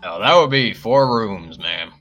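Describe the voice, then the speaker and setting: A man's voice: lowish voice, expressive, a little slow, fairly bright tone, dull audio, faint music behind. A man voicing an old, raggedy innkeeper who talks in a hesitant, wheedling, folksy way.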